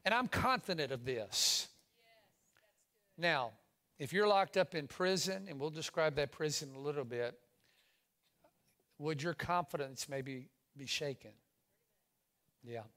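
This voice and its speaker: A male pastor preaching a sermon to his congregation, lively, with call-and-response phrases for the room to repeat. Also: on the high side, unhurried, long pauses. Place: church in front of a congregation.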